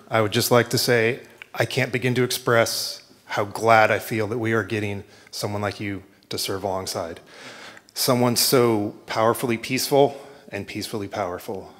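A man's voice: fairly low pitch, steady tone, moderate pace, fairly bright tone, in a large hall. A man who is a military staff sergeant, giving a short, respectful welcome message. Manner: formal, respectful.

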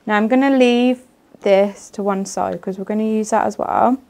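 A soft-spoken woman, casually demonstrating card making and laughing easily. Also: medium pitch, fairly even intonation, normal speed, creaky.

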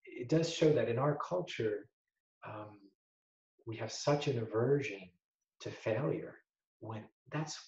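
A man's voice: mid-range voice, slow, pauses often, darkish tone. A man speaking as a psychologist guest in a casual interview, reflective, quoting sayings and laughing often. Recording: roomy, dull sound.

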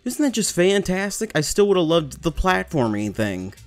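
A man's voice: high-pitched, very animated, normal speed, faint music behind. A young man giving let's play commentary, frustrated and swearing as he rants about the game. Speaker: gamer.

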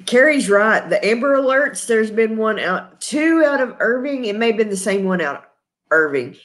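A woman's voice: fairly high pitch, expressive, moderate pace, fairly bright tone. A middle-aged woman with a Texan accent, chatting casually on a live stream, laughing often and greeting viewers by name. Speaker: host.

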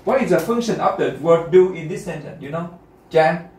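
Brief: male teacher running a lesson, a bit high, in a roomy classroom heard from across the room. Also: lively intonation, moderate pace, a little mellow, slight background noise. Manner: checks in often with students, repetitive and encouraging. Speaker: English test teacher. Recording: roomy classroom, mic far off.

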